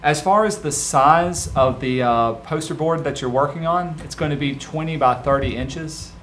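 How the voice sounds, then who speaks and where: A male design instructor giving a relaxed, practical screen-recorded software tutorial and talking straight to his students. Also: fairly high pitch, moderate pace, a little hiss or hum.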